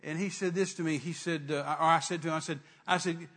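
A man's voice: a little high, steady tone, fairly quick, few pauses, a bit bright. A man preaching a sermon, retelling a conversation and acting out the dialogue. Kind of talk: sermon storytelling.

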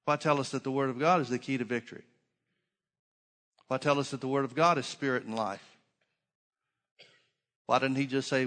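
A male preacher delivering a sermon at a mid-range pitch. He hammers his points home with repeated phrases and rhetorical questions. His voice rings with a long reverb, like a church hall. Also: steady tone, moderate pace, pauses often, a bit bright.

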